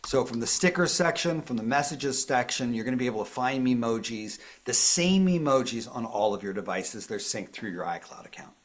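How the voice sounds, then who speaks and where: A man's voice: mid-range voice, lively intonation, a little fast, hardly any pauses. A man presenting a live phone tutorial, walking viewers through each step in an upbeat, explanatory way. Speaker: tech presenter.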